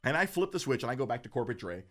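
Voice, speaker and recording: A man hosting a radio show, telling a workplace story in a lively, animated way and acting out the dialogue. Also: very fast. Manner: lively, acts out dialogue with big pitch jumps.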